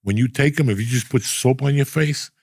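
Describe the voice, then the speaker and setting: A man's voice: mid-range voice, a little fast, breathy edge, dry recording, studio quality. A middle-aged man hosting a casual talk show, telling rambling, profane stories. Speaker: podcast host. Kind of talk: casual storytelling chat.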